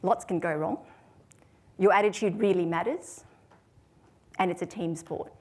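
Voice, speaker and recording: A woman, giving a prepared talk to an audience in a measured storytelling way. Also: on the low side, darkish tone. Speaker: speaker.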